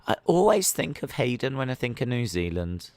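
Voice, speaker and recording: Male streamer, sports reactions, clear and dry. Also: medium pitch, moderate pace, no room sound. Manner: chatty, excitable, with frequent fillers. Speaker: livestream host. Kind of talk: live sports watch-along commentary.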